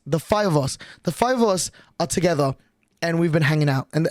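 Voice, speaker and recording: Excitable high-voiced young man telling stories. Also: no room sound. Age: young adult. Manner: excitable, profane storytelling with voiced quotes. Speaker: streamer. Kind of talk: storytelling stream.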